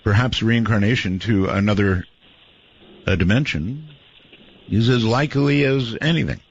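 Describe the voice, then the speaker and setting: A low-voiced man hosts a late-night call-in radio show in an easygoing, amused manner. The sound is muffled and dull, like an old radio broadcast. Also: moderate pace, breathy edge. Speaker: radio talk show host.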